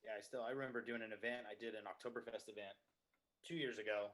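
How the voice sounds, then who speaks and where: A man telling a story in casual chat, earnest and quick to laugh. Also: on the low side, steady tone, a bit bright. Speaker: brewery staff guest.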